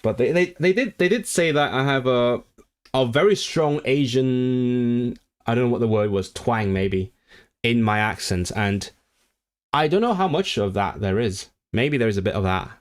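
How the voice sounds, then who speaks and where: A man's voice: mid-range voice, animated, normal speed. A man casually talking to his live-stream viewers, rambling with frequent restarts and fillers. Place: living in the North of England.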